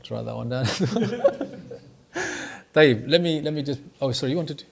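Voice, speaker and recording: A man teaching a class, stressing key words and slowing down to drive points home. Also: a little high, sing-song, vocal fry. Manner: emphatic, stretches key words to stress them. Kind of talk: classroom lesson.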